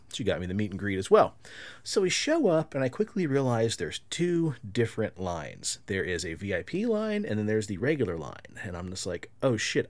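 A man co-hosting a casual podcast, telling a story with lively quoted voices, swearing and laughing. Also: deep voice. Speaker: podcast co-host.

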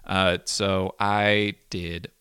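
A man's voice: sits low, flat delivery, drawn-out words, sharp tone, clean tone, no room sound, studio quality. A man hosting a fantasy football league podcast, recapping in a chatty, rambling way with lots of ums and restarts. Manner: chatty and rambling, with frequent ums and self-corrections. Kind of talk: casual solo podcast recap.

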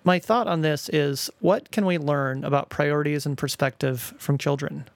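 A middle-aged man reading his own family stories aloud in a wry, gently playful way, recorded close to the mic. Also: fairly high pitch, fairly even intonation, moderate pace, creaky, no echo. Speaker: storyteller, father.

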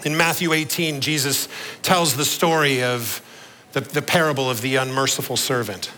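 A male pastor preaching a sermon, earnest, slowing down and dropping his voice low on the key words. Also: sharp tone, poor audio.

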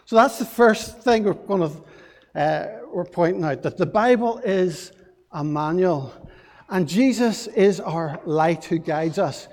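Male pastor, children's talk, animated storyteller, high voice, long church reverb. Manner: animated storytelling, lively pauses and restarts.

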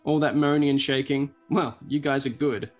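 Man doing storybook kid hero, nervous, stammering, jumpy, high voice. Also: steady tone, normal speed, soft background music, natural voice. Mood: teasing. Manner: stammers and cries out in fright. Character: young male boy hero, nervous, jumpy.

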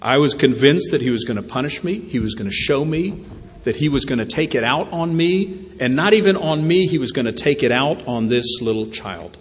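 A male pastor preaching a sermon in a church, swinging between slow, quiet emphasis and bursts of animated storytelling as he acts out voices. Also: medium pitch. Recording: long hall reverb.

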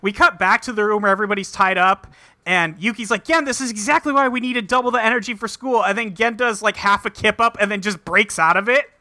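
A man casually recapping an episode with a co-host, swearing freely and acting out the characters in quick quotes. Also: high voice, pushed and bright, no room sound, clean studio sound. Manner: loose, profane, acts out characters in quick quotes. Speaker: podcast co-host recapping an anime. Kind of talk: casual chat.

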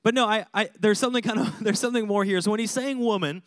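A male pastor preaching a sermon in an animated, conversational way, with laughter and punchy repeated lists. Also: high voice, fast talker, dry recording, studio quality.

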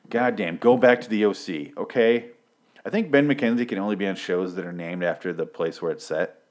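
A man's voice: deep voice, brisk. A young man casually recapping TV episodes, swearing often and rambling sarcastically with lots of fillers.

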